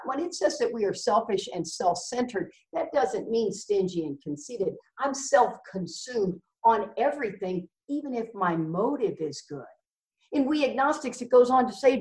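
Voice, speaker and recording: A woman gives a candid recovery talk, blunt and self-mocking yet earnest. Her voice carries an echo, picked up from some distance off the mic. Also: mid-range voice. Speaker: recovery speaker.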